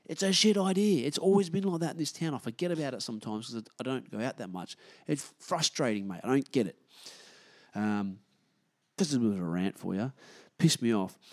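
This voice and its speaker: A man with an Australian accent hosting a podcast on his own, ranting casually and bluntly, swearing a lot and getting loud when annoyed. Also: medium pitch. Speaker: podcast host. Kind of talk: casual solo rant.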